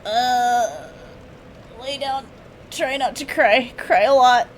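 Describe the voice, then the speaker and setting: A woman's voice: high-pitched, slow pace, slight background noise. A woman streaming a video game, giving chatty, emotional, joking commentary. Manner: chatty, emotional, jokey reactions. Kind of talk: casual gameplay commentary.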